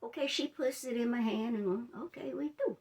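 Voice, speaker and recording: A woman's voice: a little high, normal speed, a little mellow. A woman telling a personal story in a storytime vlog, chatting straight to her viewers and retelling it with drama. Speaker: life coach.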